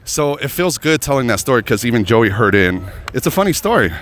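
A man's voice: mid-range voice, very animated, fast, fairly bright tone, a little hiss or hum. A man working as a comedian, telling a rambling, profane story straight to his viewers. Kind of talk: casual storytelling to camera.

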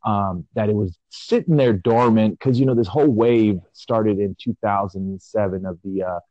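A man in his forties co-hosting a casual chat, reflective and rambling, with drawn-out pauses. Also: on the low side, dark tone, no room sound. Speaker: podcast co-host. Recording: dull lo-fi audio.

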